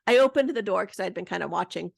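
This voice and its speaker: A woman in her thirties hosting a podcast, telling a story in a chatty, lively way. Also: medium pitch, fast, gravelly, dry recording, studio quality. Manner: chatty, lively, full of "like" and "you know". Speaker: podcast host. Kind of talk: casual storytelling monologue.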